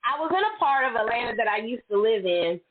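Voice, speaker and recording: This host, a middle-aged woman, talks fast at a fairly high pitch in a casual chat. Candid and chatty, she acts out her own stories with animated self-quotes, and the recording has a tinny, phone-like quality.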